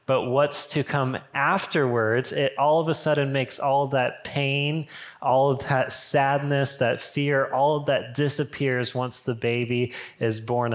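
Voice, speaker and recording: A man's voice: medium pitch, a bit bright. A young man preaching a sermon as pastor, chatty and conversational, telling personal stories with lots of asides. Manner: conversational, storytelling with frequent "like" and asides. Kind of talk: casual sermon.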